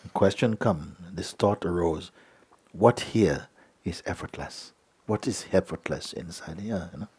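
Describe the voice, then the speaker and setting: A middle-aged man teaching as a spiritual teacher at a satsang, speaking gently and unhurriedly, often checking in with "you see?" and sometimes sinking to a soft whisper. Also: low voice, a little slow, husky. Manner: drops to a soft whisper at times. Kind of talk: satsang talk answering a letter.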